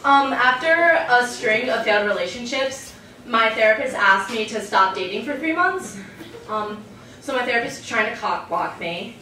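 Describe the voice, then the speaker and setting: A young woman delivers a stand-up set in a deadpan, self-mocking way, starting her jokes with "um". Her voice sits a little high and rings through a very echoey club, caught from some distance with noise behind. Laughter from the audience fills the gaps. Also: moderate pace. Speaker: stand-up comedian. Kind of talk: stand-up routine. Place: comedy club stage. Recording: echoey club recording from far off.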